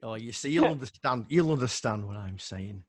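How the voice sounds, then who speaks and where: A man's voice: mid-range voice, expressive, normal speed, dry recording. A middle-aged man from northern England with a Yorkshire accent, reciting his own poems with rhythmic pacing and chatting between them. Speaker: poet. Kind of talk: poetry reading on a video call.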